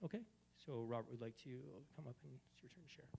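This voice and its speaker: A man hosting a live gathering, giving a preachy spiritual talk that swings between hushed and emphatic. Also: medium pitch, quick pace, vocal fry, slight background noise. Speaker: event host.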